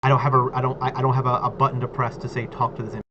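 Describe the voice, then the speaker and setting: Talking fast in a flat, mid-range voice, a man chats casually about tabletop role-play, drifting along and leaning on "like" and "right?" constantly. The recording sounds muffled and lo-fi, with clear noise in the background.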